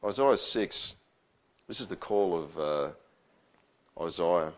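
Male pastor, casual conversational sermon, animated in quotes. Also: sits low, measured pace, long pauses. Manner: conversational, animated when quoting.

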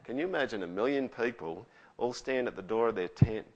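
A man's voice: medium pitch, expressive, a little fast, a little mellow, dull audio. A man preaching a conversational sermon, often asking the listeners questions. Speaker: pastor.

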